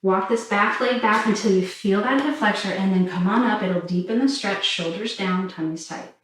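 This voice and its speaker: A woman fitness instructor calmly talking listeners through a stretching cool-down while doing it herself. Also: medium pitch, normal speed. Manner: calm, encouraging cues while demonstrating stretches. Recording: very echoey room, mic far off.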